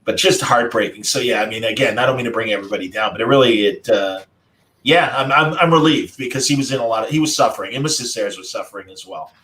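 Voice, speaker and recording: Over poor audio, a podcast host with a mid-range voice speaks fast while leading an easygoing group chat. He tells a story warmly and conversationally, delivering it like the radio broadcaster he once was.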